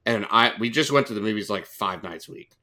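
A man's voice: lowish voice, fairly quick, pushed and bright. A man co-hosting a podcast, joking and teasing in casual chat. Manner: joking, teasing, laughs a lot. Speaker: podcast co-host.

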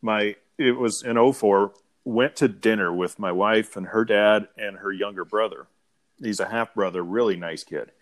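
Fairly low in pitch and moderately paced, a middle-aged co-host relaxes into casual movie talk on a podcast. He tells it like a story and quotes the film's lines along the way.

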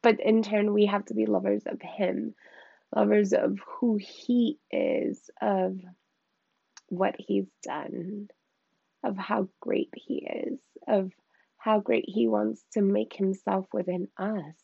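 A woman teaches the Bible casually as a podcast host, excitable and rambling. Her voice has a slow, drawn-out pace and a gravelly, fry-laden edge. The recording is dry and slightly muffled, like a cheap lo-fi mic. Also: mid-range voice, dry recording. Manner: excitable and rambling, with many exclamations.

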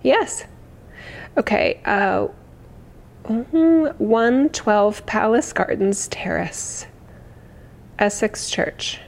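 Hoarse lady in her 40s chatting on a livestream, gushy, laughs a lot, mid-pitched voice. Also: animated, drawn-out words, long pauses. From United States. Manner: chatty, effusive, laughs often. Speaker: livestream host. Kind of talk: casual livestream chat reading comments.

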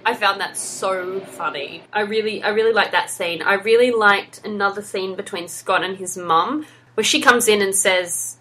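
Bright-voiced woman podcast host. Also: medium pitch, moderate pace. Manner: enthusiastic, recounts scenes and quotes. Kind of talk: casual podcast recap.

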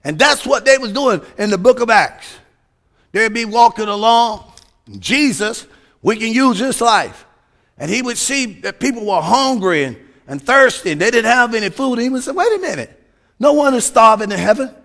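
Fervent high-voiced male preacher. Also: lively intonation, moderate pace, creaky. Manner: fervent, shouts emphasis, frequent hallelujahs. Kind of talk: sermon.

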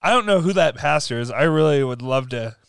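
A man telling stories in casual conversation, animated and laughing often. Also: a little high, fairly quick, vocal fry, clear, resonant tone, no room sound.

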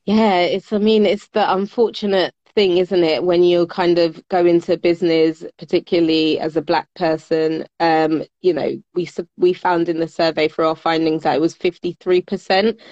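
A woman with a British accent, a guest in a conversational interview, who speaks in a measured, articulate way with frequent fillers. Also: on the low side, fairly even intonation, a little mellow, dry recording, muffled recording. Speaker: guest, business network founder.

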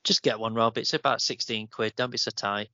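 A man's voice: on the low side, steady tone, a little fast, bright, forceful tone, no echo. A man, chatting casually as a podcast co-host, rambling and laughing easily. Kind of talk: casual chat. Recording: dull, dry lo-fi sound.

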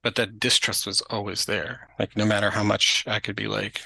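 A man's voice: on the low side, normal speed, vocal fry, no room sound, rough recording. A young man, a podcast guest, chatting casually about caring for his mother, using lots of "like". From Greek family background. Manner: chatty, lots of "like", animated retelling. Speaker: podcast guest, family caregiver. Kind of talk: casual conversational storytelling.

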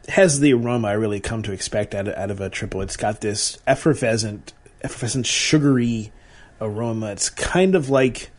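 A man with a lowish voice talks fairly quickly as an easygoing podcast co-host. In this casual beer-tasting chat, he describes beers and reads off their stats matter-of-factly.

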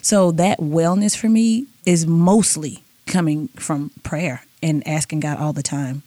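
A middle-aged woman guest on a faith podcast, telling lively stories and acting out conversations with frequent laughs. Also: sits low, unhurried, no echo. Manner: animated storytelling, acts out dialogue, laughs often. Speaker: guest, author and speaker.

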